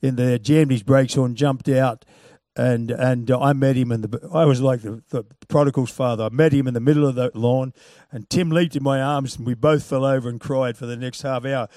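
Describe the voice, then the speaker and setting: A man preaching a sermon, moving from loud, punchy calls to quiet, chuckling storytelling. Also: medium pitch, fairly even intonation, moderate pace, no echo, studio quality.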